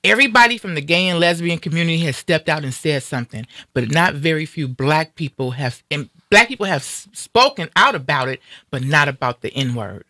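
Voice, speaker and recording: This is a woman ranting on a talk radio show, angry, emphatic and defiant. Her voice is bright and sharp. The sound is dry and close. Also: low voice, expressive, a little fast, hardly any pauses, no room sound. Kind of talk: heated talk radio rant.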